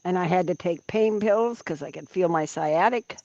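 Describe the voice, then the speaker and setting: A woman's voice: fairly low pitch, moderate pace, dark tone, no echo, dull audio. A woman in her seventies on a livestream, chatting and telling stories with frequent laughs. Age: 70s. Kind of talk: casual chat.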